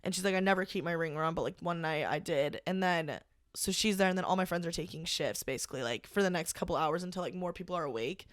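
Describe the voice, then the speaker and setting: A young woman, a podcast guest, recounting a personal story in casual conversation, halting and full of "like". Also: on the low side, no echo, studio quality. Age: young adult. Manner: halting, heavy use of "like", emotional retelling.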